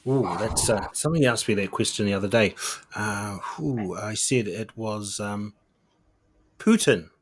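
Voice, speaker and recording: A man, a podcast guest who trades blunt jokes and quick quips in casual chat. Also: lowish voice.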